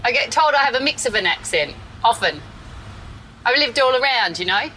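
A woman's voice: fairly high pitch, animated, moderate pace, bright, forceful tone, slight background noise, pitched above the performer's own voice, low-quality recording. An Australian woman in a taxi, putting on a shaky English accent with Irish hints, chatty and giggly. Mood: playful. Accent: mixed English and Irish-tinged put-on. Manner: chatty, giggly, following prompts. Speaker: radio host undercover in a cab. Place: back seat of a taxi.

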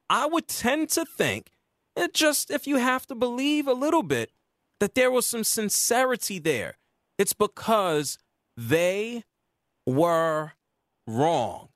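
A man's voice: no room sound, studio quality. A man hosting a sports talk radio show, arguing his point with emphasis. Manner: emphatic, argumentative, lively pitch swings.

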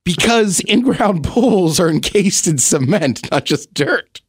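A man's voice: high-pitched, animated, slow pace, husky, dry recording, studio quality. A man co-hosting a podcast in casual chat, a skeptical storyteller who laughs often. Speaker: podcast co-host.

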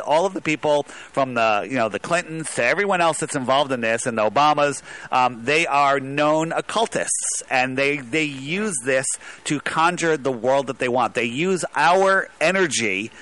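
Guy calling in, rambly and emphatic, bright edgy tone. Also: medium pitch, normal speed. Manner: rambling, emphatic, restarts a lot. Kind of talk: casual talk radio call.

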